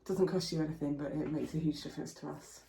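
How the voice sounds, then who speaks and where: A woman's voice: low voice, steady tone, quick pace, gravelly, noisy background. A woman co-hosting a casual vlog, adding dry, matter-of-fact asides, recorded outdoors in a busy village at night. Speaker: vlog co-host. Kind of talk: casual chat. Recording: echoey outdoor recording with crowd.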